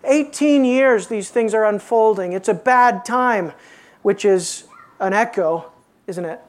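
A woman preaching an expository sermon, asking her listeners rhetorical questions and dropping to a hushed tone for emphasis. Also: mid-range voice, takes it slowly.

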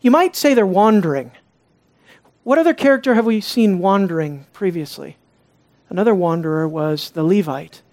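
A Bible teacher talks through a passage in a relaxed, conversational sermon. The delivery is full of asides and restarts. Rhetorical questions to the listeners come again and again. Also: medium pitch, moderate pace. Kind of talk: expository sermon.

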